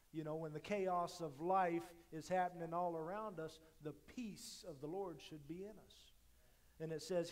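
Pastor preaching with dramatic swings in volume. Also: male voice, a little high. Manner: dynamic, swinging between loud emphatic lines and quiet intimate asides; repeats words as he restarts phrases. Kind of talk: sermon.

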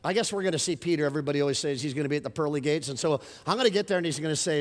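A middle-aged male pastor delivers a sermon in a slightly high voice, animated and storytelling, building to emphatic lines. His voice rings out with a long reverb from a large church hall. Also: racing, hardly any pauses.

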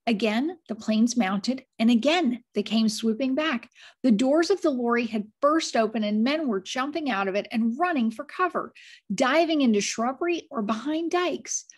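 Husky-voiced lady reading a kids' book out loud, keeps stopping to chat with the little listeners. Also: on the high side, expressive, normal speed. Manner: chatty, breaks off to explain and show pictures. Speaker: storyteller reading a chapter book to children. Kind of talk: read-aloud storytelling with asides to listeners.

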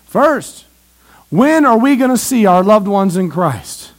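A man preaching an evangelistic sermon in a church, asking questions and answering them, swinging from loud emphasis to hushed asides. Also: high-pitched, sing-song, slow pace.

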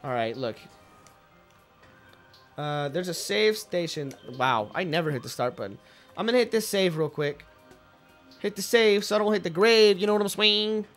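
High-voiced joking gamer man. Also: lively intonation, normal speed, pauses often, soft background music. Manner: joking, profane, playful bursts of goofy shouting. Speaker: let's play gamer. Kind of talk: casual gameplay commentary.

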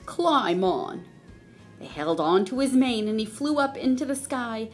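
A woman reading a children's story aloud in a slow, expressive way. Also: a little high, soft background music. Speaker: storybook reader.

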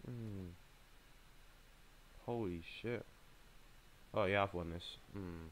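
A young man, giving a casual running commentary as he plays a mobile game, reacting in an exasperated, excitable way with plenty of slang. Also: sits low, slow, a little hiss or hum. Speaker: gaming channel host.

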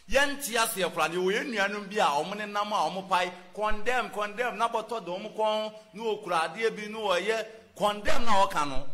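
A man from Ghana giving a spoken lesson to viewers, emphatic and rhetorical, swinging between loud stressed points and hushed asides. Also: high-pitched. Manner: rhetorical, asks and answers his own questions. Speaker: church presenter teaching about prisons.

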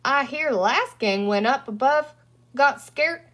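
A woman's voice: high-pitched, expressive, unhurried, a bit bright, pitched above the performer's own voice. Woman doing a pompous fat little green man. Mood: chatty. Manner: pompous, cowboy drawl.

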